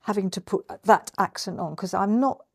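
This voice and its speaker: A woman from East London with an Essex-side accent, a guest in a casual interview, talking quickly and laughing easily. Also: mid-range voice, vocal fry, breathy edge. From East London, England. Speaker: actor, guest.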